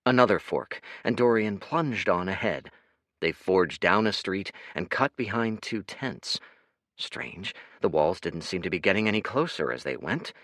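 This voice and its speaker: A man narrating an audiobook in an expressive, dramatic reading. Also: sits low, measured pace, no room sound, studio quality.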